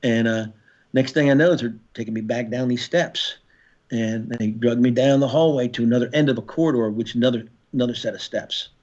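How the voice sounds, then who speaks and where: Older male guest, former Marine, gritty and profane storyteller, restarts often, average pitch, slightly dull lo-fi audio. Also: fairly quick, a little mellow. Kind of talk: storytelling in a podcast interview.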